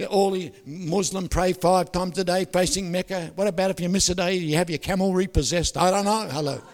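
Pastor with a ringing hall echo. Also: male voice, fairly high pitch. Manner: animated storytelling with jokes, asks the crowd "is that right?". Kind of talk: sermon.

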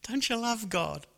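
Animated male preacher with gravelly voice. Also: very high-pitched. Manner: lively and animated, laughs often, acts out voices. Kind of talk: sermon. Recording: long hall reverb.

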